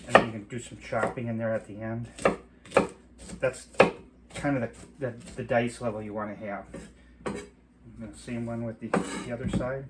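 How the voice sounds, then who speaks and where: Middle-aged man, home cooking host, casual and rambling with mild swearing, mid-pitched voice, kitchen chopping audible. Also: little pitch movement, normal speed, long pauses. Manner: chatty, rambling asides, mild cursing. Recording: clear chopping noise behind voice. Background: knife chopping and clicks.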